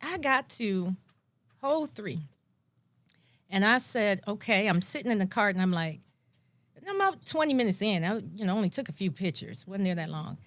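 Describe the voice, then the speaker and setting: Woman guest, animated storyteller, mid-pitched, dry close sound. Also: normal speed, no room sound. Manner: animated, acts out her own past thoughts. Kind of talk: personal storytelling.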